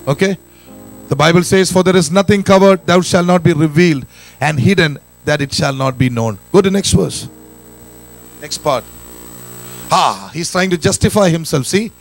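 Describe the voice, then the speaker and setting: A man's voice: fairly high pitch, a little fast, gravelly, faint music behind. A man preaching a sermon in church, emphatic, quoting scripture and acting out people's thoughts. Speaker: pastor.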